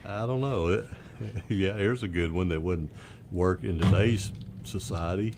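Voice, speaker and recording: A man's voice: low voice, unhurried, vocal fry, darkish tone, slight background noise. A man co-hosting a radio morning show, answering in dry, brief replies. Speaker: radio co-host. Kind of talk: casual radio banter. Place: radio studio. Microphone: studio microphone.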